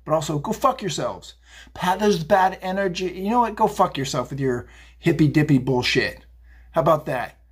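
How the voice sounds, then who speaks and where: A man's voice: fairly high pitch, expressive, moderate pace, husky. A man giving a tarot reading on a phone video, blunt and fired up, swearing and rambling. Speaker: tarot reader. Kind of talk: casual profane psychic rant.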